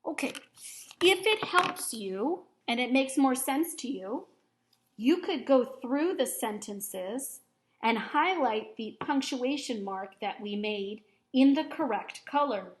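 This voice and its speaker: A woman with a slightly high voice teaches a recorded grammar lesson for young students. She explains each step patiently and clearly. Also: lively intonation, takes it slowly.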